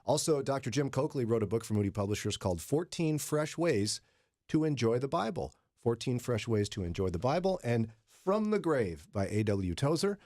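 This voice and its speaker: A man hosts a studio morning radio show, bantering and laughing easily with his co-hosts. His pitch swings widely as he talks, lively and animated. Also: moderate pace, dry recording. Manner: chatty, jokey, laughs often. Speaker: radio host.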